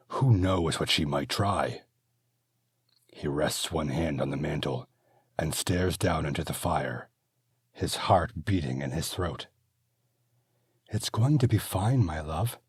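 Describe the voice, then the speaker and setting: A man narrating his own fantasy audiobook in a steady, measured manner. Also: very deep voice, husky, no room sound, studio quality. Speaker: author and narrator.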